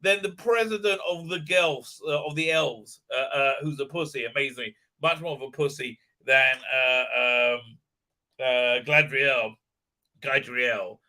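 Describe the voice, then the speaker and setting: A man's voice: mid-range voice, a little slow, sharp tone, rough recording. A man hosting a livestream, ranting crudely and profanely, rambling with constant filler sounds. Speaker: channel host. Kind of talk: livestream commentary rant.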